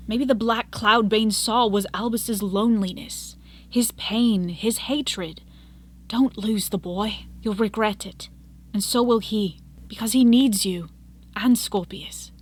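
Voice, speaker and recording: A woman voicing a wise old male wizard who speaks slowly in a lowered, measured voice. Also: close to an everyday voice. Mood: grave.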